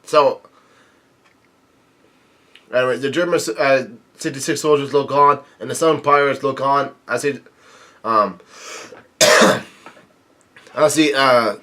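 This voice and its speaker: A man's voice: mid-range voice, sharp tone. Casual man reading manga aloud. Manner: halting, many fillers and restarts, reads quoted lines with lifted energy. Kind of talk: casual read-through commentary.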